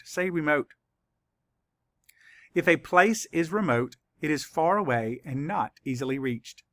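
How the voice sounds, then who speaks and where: A man teaching a spelling lesson to children, spelling words out letter by letter in a patient, deliberate way. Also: a little high, a bit bright, dry recording.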